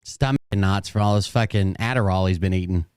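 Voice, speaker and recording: A man's voice: sits low, a little fast, darkish tone, clear, resonant tone, no room sound. A man giving sarcastic reaction commentary on a livestream, dry and mocking.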